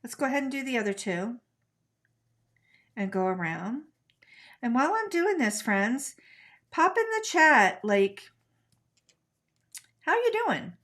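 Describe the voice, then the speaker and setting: A woman's voice: on the high side, sing-song, a little slow, pauses often, a bit bright. A middle-aged woman from the United States hosting a live craft tutorial, chatting casually with viewers as she demonstrates. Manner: chatty, talks to viewers while coloring.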